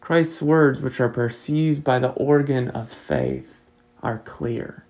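A male pastor delivering a sermon in a measured, earnest way, building to pointed rhetorical questions. His voice sits in a middle pitch with a gravelly, fry-tinged edge. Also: very animated, a little mellow, rough recording.

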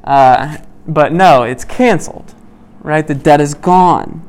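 A man leading a small Bible study group. He reads scripture aloud, then explains it in a loose, conversational way, asking "right?" often and pausing with "um.". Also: a little high, a little mellow, a little hiss or hum. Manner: many "um"s and restarts while explaining.

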